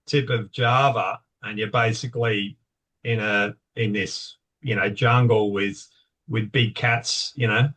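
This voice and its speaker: A man's voice: lowish voice, steady tone, measured pace, fairly bright tone, low-quality recording. A middle-aged Australian man in casual conversation as a podcast guest, explaining and recounting old trips in vivid detail.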